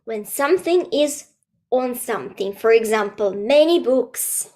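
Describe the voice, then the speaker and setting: A young woman in her twenties runs an online English lesson for kids. She speaks slowly in a fairly high voice, laughing often and explaining words plainly. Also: expressive, darkish tone. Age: 20s. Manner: playful, laughs often, simple slow explanations. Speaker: English teacher.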